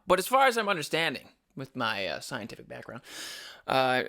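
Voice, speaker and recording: A man's voice: mid-range voice, big pitch swings, fairly quick, vocal fry, pushed and bright. A young adult man hosting a casual solo podcast, rambling and opinionated with frequent restarts. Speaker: podcast host.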